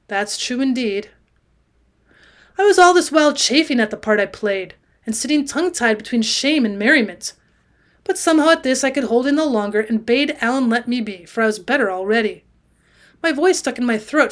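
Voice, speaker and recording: A woman with a fairly high voice reads a classic novel aloud for her students. Her reading is expressive, and she gets louder whenever a character speaks. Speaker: audiobook reader and teacher.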